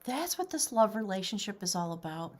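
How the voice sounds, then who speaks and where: A woman giving a tarot reading to camera, animated and excitable, now and then dropping to a whisper. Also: mid-range voice, brisk. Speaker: tarot reader.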